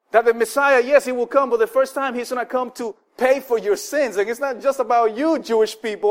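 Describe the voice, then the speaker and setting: A man's voice: extremely high pitch, brisk, few pauses. A man preaching a sermon in a conversational way, full of fillers and restarts, acting out the people he quotes. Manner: animated, acts out the people he quotes. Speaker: pastor.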